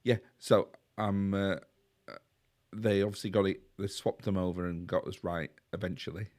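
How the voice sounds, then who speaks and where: Yorkshire man, deep voice, podcast co-host, chatty rambling plot retelling. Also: fairly even intonation, moderate pace, darkish tone. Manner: rambling retelling with fillers and tag questions. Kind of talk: casual film recap chat.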